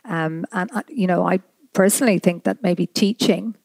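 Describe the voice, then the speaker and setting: Woman host, low voice, gravelly fry, thoughtful and musing, dry close recording. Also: moderate pace, a little mellow, dry recording. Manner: thoughtful, musing, many fillers. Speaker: podcast host. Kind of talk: casual interview chat.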